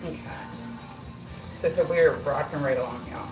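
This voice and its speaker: Woman, middle-aged, chatty self-deprecating livestream talk, low voice, roomy kitchen echo. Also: normal speed. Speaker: livestream host. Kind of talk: casual livestream chat while baking. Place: home kitchen. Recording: roomy echo, mic at a distance. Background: music playing.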